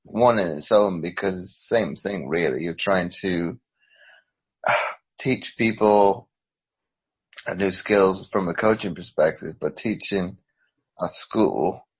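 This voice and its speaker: Male podcast host, hybrid British-American accent, very deep, hesitant delivery. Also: husky, rough recording. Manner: hesitant, restarts and sighs. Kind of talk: casual conversation.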